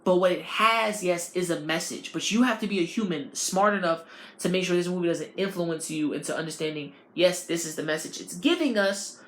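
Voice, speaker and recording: A woman's voice: on the low side, a little fast. A woman hosting a podcast, ranting in a casual, profane and rambling way. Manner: animated, profane, rambling delivery. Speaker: podcast host. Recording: roomy, with faint ambience.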